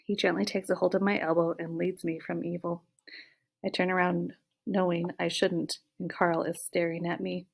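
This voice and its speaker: Woman, first-person audiobook narration, expressive, fairly low pitch. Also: normal speed, creaky, breathy edge.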